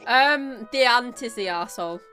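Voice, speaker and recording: A woman's voice: on the high side, animated, normal speed, bright, forceful tone, soft background music. A woman with a Northern English accent, joining a casual stream chat with brief, dry remarks. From north of England. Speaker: stream guest.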